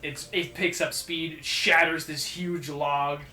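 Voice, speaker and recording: A young man chatting casually while playing a game, telling a rambling story and getting animated at the exciting parts. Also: on the high side, measured pace. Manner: rambling storyteller, animated when acting out shouts. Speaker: let's play co-host. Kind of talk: casual gaming chat. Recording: roomy echo with faint game music.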